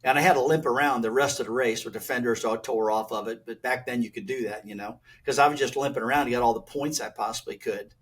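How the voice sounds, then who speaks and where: An older man, a retired race driver, telling animated stories as a podcast guest and acting out old exchanges in a blunt, folksy way. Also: mid-range voice, fast, few pauses, breathy edge. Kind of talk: animated storytelling.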